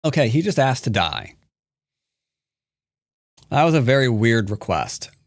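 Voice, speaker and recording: A man's voice: medium pitch, very animated, a little slow, dry recording, clean studio sound. A man teaching Go while he plays a game live, commenting with jokes and silly asides. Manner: playful, jokey, breaks into silly sing-song nonsense.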